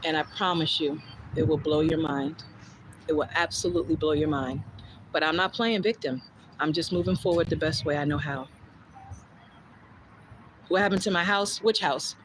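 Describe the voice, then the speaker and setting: A woman's voice: sits low, moderate pace, long pauses, noisy background. A woman with a New Jersey accent chatting casually on a livestream, blunt and candid, swearing freely and answering viewer comments. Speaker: livestream host.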